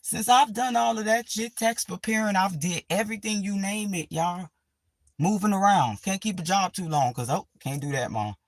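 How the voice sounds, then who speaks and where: A woman's voice: fairly low pitch, husky, no room sound. A woman vlogger in a profane, sarcastic ranting monologue, full of dramatic asides.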